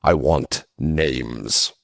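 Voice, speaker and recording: A man's voice: rumbling low, very slow, creaky, dry recording, studio quality, voice pushed down, heavily acted. A man voicing a cold, demanding male royal bureaucrat who fires off curt questions and orders. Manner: curt, interrogating commands.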